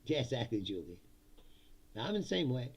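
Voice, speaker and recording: A man's voice: mid-range voice, sing-song, moderate pace, slightly rough. A man hosting a comedic political talk show, ranting casually, swearing and laughing often between lines. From United States. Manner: laughs often, swears, acts out voices of others. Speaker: host.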